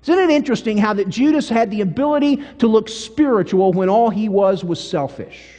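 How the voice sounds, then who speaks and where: A man's voice: sits high, fairly quick. Emphatic male pastor, sermon delivery, reverberant sanctuary sound. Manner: emphatic, animated storytelling with big swings in volume. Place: church sanctuary. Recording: long church-hall reverb.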